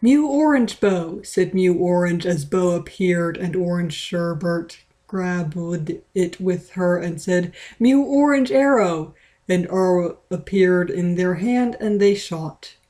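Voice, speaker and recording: A woman's voice: fairly low pitch, level tone, slow, hardly any pauses, warm tone. A woman reading a fan story aloud in a playful, dramatic way, with small stumbles. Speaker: reader. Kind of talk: read-aloud of fan fiction.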